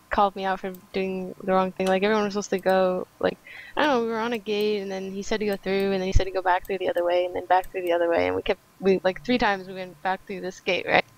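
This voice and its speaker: A woman in a relaxed game-stream chat with a lot of vocal fry. She rambles through her stories and giggles between lines. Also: mid-range voice, brisk, low-quality recording. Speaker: fellow player and guest. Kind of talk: casual gaming chat.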